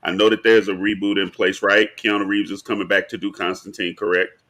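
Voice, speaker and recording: A man co-hosting a casual pop-culture podcast, explaining his points at length in an animated, slangy way. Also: deep voice, a little fast. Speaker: podcast co-host.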